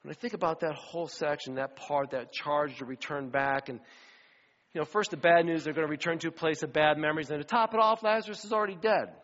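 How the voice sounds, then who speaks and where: A middle-aged man preaches a sermon, slipping into lively acted-out voices as he tells his stories. His voice sits a bit high for a man. The sound is somewhat dull and rings with the long reverb of a church hall. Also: quick pace. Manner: animated storytelling, acts out quoted voices. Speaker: pastor. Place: church sanctuary.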